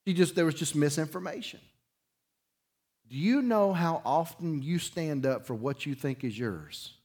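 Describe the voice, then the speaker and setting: A middle-aged man, preaching a sermon through a folksy personal story, swinging between loud bursts and quiet emphasis. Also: fairly high pitch, expressive, measured pace. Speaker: pastor.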